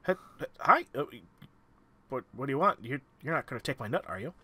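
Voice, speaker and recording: A man voicing a nervous, stammering male squirrel that hoards nuts and talks in a hushed, secretive way in a tabletop game. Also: medium pitch, big pitch swings, a little fast, husky, exaggerated voice. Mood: startled.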